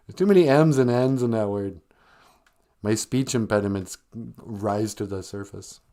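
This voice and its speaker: A man's voice: lowish voice, measured pace. Joking man hosting a live podcast. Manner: joking, laughs often, animated. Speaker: podcast host. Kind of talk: casual livestream chat.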